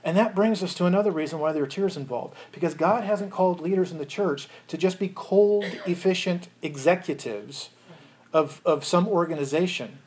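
A man's voice: high-pitched, normal speed, a little mellow, slight background noise. A man preaching a sermon as pastor, earnest and chuckling, with frequent restarts.

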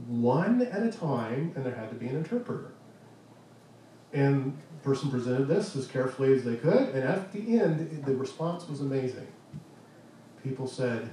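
A man preaching a conversational sermon as pastor, earnest, with pauses and restarts. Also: mid-range voice, mellow. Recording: echoey room, distant mic, faint noise.

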